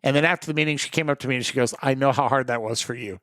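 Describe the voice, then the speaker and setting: A man's voice: medium pitch, rapid-fire, dry recording, studio quality. A man, a former radio broadcaster, casually telling amused stories from his career as a podcast host. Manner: chatty, amused, animated storytelling. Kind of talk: casual storytelling monologue.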